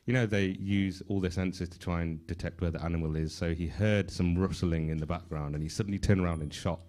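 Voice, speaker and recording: A man's voice: low voice, fairly even intonation, a little fast, mellow. A man from the congregation retelling a story, hesitant and full of fillers, unsure of the details. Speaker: congregation member. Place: temple hall.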